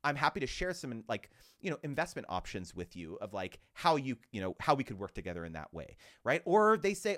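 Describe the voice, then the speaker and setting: Guy on a podcast giving advice, lively up and down voice, acts out quotes, lots of likes. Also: on the high side, a little fast, hardly any pauses. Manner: animated, acts out quoted dialogue, many fillers. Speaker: podcast guest. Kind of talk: casual conversational advice.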